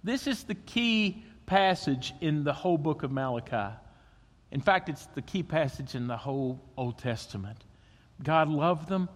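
A man preaching a sermon as pastor, swinging between loud emphasis and hushed, intimate tones. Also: on the high side, lively intonation, unhurried, big-room sound.

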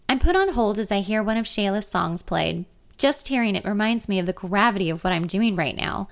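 A woman's voice: mid-range voice, animated, a little fast. A young woman narrating a first-person audiobook in a nervous, confessional inner voice.

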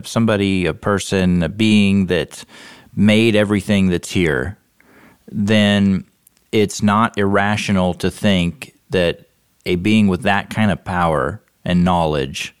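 Deep smooth-voiced male podcast host. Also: no room sound, studio quality. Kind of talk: casual interview.

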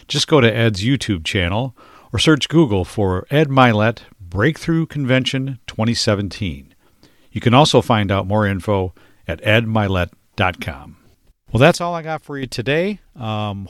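A man's voice: mid-range voice, dry recording, studio quality. A man hosting a weekly show, wrapping up casually with some fillers. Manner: relaxed, with fillers. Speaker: podcast host. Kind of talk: casual outro.

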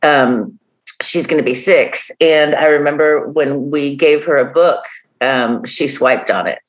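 A woman's voice: low-pitched, measured pace. A woman co-hosting a podcast, chatting casually and telling stories with lots of acted-out voices. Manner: animated storyteller, acts out voices. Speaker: podcast co-host. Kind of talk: casual chat.

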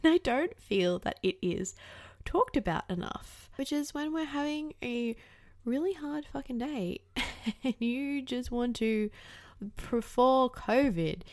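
A woman's voice: sits high, expressive, takes it slowly, a little mellow, no room sound, studio quality. A young woman hosting a podcast, talking candidly in a casual monologue, swearing freely and using lots of fillers. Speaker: podcast host.

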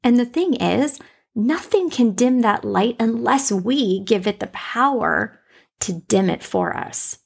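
Woman, faith podcast host, gravelly, breathy, casual off-the-cuff monologue. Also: fairly high pitch, big pitch swings, slow pace. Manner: off-the-cuff, conversational, emphatic repetition.

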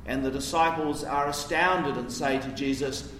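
A man's voice: medium pitch, fairly even intonation, normal speed, fairly bright tone, a little hiss or hum. A man preaching a sermon in a conversational, explanatory way, posing questions to his listeners. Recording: roomy, distant mic, faint ambience.

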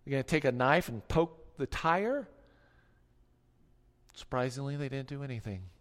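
Middle-aged male pastor, mid-pitched, preaching in a big echoing sanctuary, dropping to hushed tones then driving points home. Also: lively intonation, moderate pace. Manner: storytelling preacher, swings from hushed to forceful. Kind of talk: sermon.

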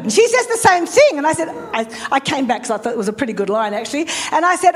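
A woman's voice: high voice, big pitch swings, very fast, few pauses. A middle-aged woman pastor, telling a story in a sermon and acting out phone calls.

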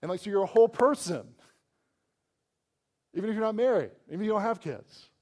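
A man's voice: high-pitched, animated, brisk, darkish tone. A man preaching a sermon in a casual, conversational way, often saying "like" and acting out what people might say. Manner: conversational, full of "like" fillers, acts out quoted voices. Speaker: pastor.

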